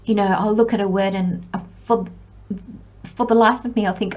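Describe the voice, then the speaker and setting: A woman giving a pick-a-card tarot reading who speaks to viewers as piles, reflective and gently encouraging, with self-deprecating asides. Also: mid-range voice, fairly even intonation, normal speed, highs cut off. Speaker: tarot reader.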